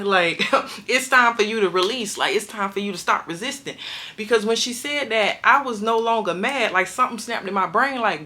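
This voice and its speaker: Bright-voiced woman telling a story. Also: moderate pace. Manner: emphatic, slangy, acts out quotes with big jumps in pitch. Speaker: vlogger telling a prison story. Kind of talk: animated storytelling to camera.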